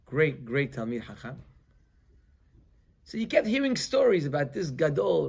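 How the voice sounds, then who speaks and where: A rabbi leads his weekly class with a gravelly, slightly high voice. He tells the story in an animated way, rising to loud emphasis and then dropping to quiet asides, and he drops Hebrew terms into his English. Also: a little slow, pauses often.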